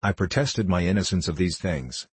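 Low husky male audiobook narrator. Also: dry recording. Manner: measured, unhurried literary reading. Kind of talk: scripted narration of a classic novel.

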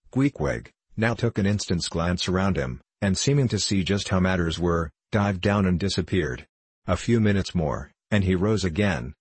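A man reading a classic novel aloud in the first person, measured and deliberate. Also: sits low, breathy edge, no echo. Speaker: audiobook narrator.

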